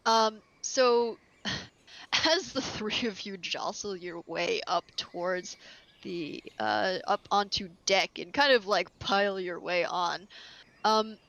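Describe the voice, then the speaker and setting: A woman's voice: medium pitch, slow pace, a bit bright, dry recording, dull audio. A woman narrating as game master of a tabletop role-play, rambling with many fillers and easy laughs.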